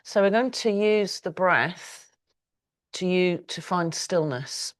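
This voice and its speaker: A middle-aged woman teaching a yoga class, giving slow, calm breathing cues with long pauses. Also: lowish voice. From United Kingdom. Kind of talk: guided yoga class instruction.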